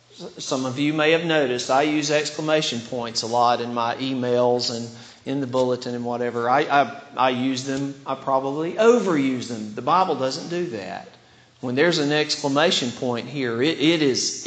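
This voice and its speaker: A man's voice: medium pitch, fairly bright tone, big-room sound. A man preaching a sermon as pastor in a church, earnest and often restarting his words. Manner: earnest, with frequent word restarts.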